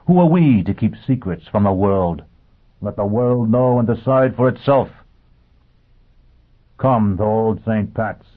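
A man's voice: on the low side, lively intonation, unhurried, long pauses, pitched above the performer's own voice. A man voicing a driven, bitter man who fires intense rhetorical questions at a crowd. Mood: commanding. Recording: tinny phone-like audio.

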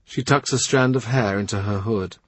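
A man narrating an audiobook in even, vivid storytelling. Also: lowish voice, moderate pace, slightly rough, no room sound. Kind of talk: scripted literary narration.

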